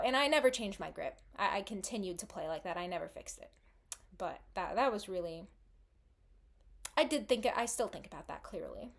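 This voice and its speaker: A young woman telling embarrassing stories in a casual, self-deprecating way, rambling with frequent restarts. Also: medium pitch. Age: young adult. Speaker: vlogger. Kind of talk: casual storytelling monologue.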